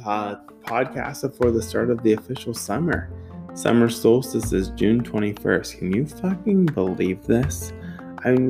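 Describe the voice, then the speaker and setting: A man in his thirties with a fairly low voice hosts a podcast solo. He rambles through a casual story, full of "like", swearing and laughing along the way. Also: darkish tone. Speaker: podcast host.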